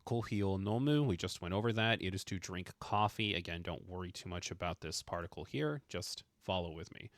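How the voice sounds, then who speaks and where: A man with a fairly low voice walks learners through a casual video lesson. He explains patiently but playfully, leaning hard on emphatic words. The sound is dry and close, with no room echo. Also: animated, a little fast, few pauses. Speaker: Japanese language teacher.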